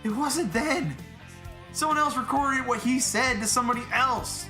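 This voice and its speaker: Speaking at a moderate pace, this very high-pitched male podcast co-host animatedly narrates a story during casual chat, performing each character's voice. Faint music plays behind him.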